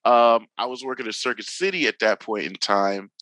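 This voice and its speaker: A man in his forties from Northern California, a podcast guest telling stories casually, animated and slangy, acting out the people he quotes. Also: mid-range voice, normal speed, no echo, low-quality recording. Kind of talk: casual storytelling chat.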